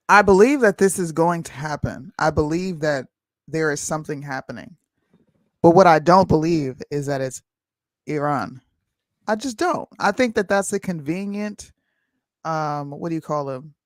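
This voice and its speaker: A man's voice: fairly high pitch, a little slow, long pauses, dry recording, clean studio sound. A man hosting a live stream, chatting casually with an opinionated, laughing manner.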